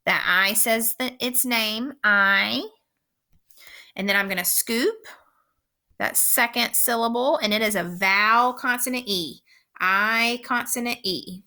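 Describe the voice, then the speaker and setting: A woman teacher giving a recorded phonics lesson, speaking slowly and clearly and repeating each word for young learners. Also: a little high, sharp tone. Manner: slow, clear instructional pacing with repeated words.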